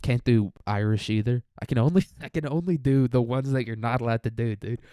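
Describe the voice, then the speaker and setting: A man's voice: mid-range voice, fairly quick, warm tone, clean tone, dry recording. Rambling, crude young man. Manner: rambling, crude, laughs a lot. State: mentally tired. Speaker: student podcaster. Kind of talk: casual solo podcast monologue.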